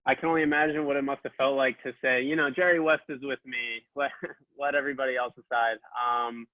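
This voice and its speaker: A man hosts a casual interview and asks his questions in a relaxed way, full of fillers. His voice sounds thin and phone-like, with a dry, close sound. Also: medium pitch, fast, dry recording. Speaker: interview host. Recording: tinny dry phone-like line.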